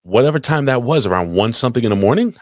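A man's voice: mid-range voice, expressive, racing, dry recording, clean studio sound. A man hosting a live podcast, telling a long rambling story in casual, crude chat with lots of swearing. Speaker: podcast host. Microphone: desk mic, live stream.

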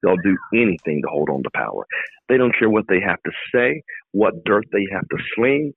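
A man's voice: sits low, sing-song, brisk, gravelly, breathy edge, dry recording. A middle-aged man, a political candidate giving fervent, emphatic answers in an interview. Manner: fervent, emphatic, repetitive speechmaking. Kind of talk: campaign interview. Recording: dry tinny phone line.

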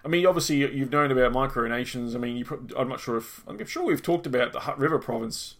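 A man's voice: medium pitch, animated, fast talker, fairly bright tone. A man hosting a podcast, reading an article aloud and then chatting enthusiastically with lots of fillers. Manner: enthusiastic, loose and rambling, with frequent fillers. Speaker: podcast host.

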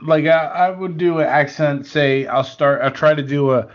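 A man's voice: fairly high pitch, steady tone, normal speed, highs cut off. A man co-hosting a podcast, joking and playful in casual comedy banter, fond of odd words. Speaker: podcast co-host.

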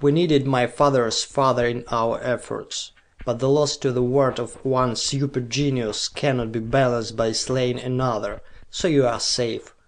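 A man's voice: mid-range voice, fairly even intonation, measured pace, lightly acted. A man voicing a stern, lovesick male genius who speaks in a grave, restrained way, in a pulp audiobook reading.

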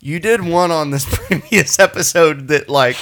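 Higher-voiced man joking as podcast host. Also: fairly bright tone. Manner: joking, quick reactions. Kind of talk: casual chat.

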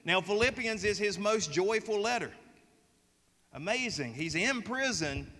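Bright-voiced Southern US preacher. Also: male voice, high voice, measured pace, long reverb tail. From American South. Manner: storytelling, animated, folksy. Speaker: pastor. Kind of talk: sermon.

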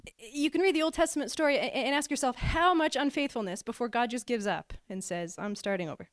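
A woman in her thirties with a fairly high voice preaches a sermon quickly, recorded dry. Earnest and heartfelt, she often repeats words as she begins a phrase and voices God's lines with feeling.

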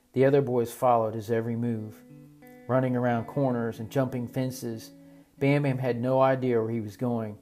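A male narrator reading a story aloud at an even, steady pace. His voice sits in a middle pitch, with quiet guitar playing behind. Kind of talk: audiobook narration. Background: soft guitar music.

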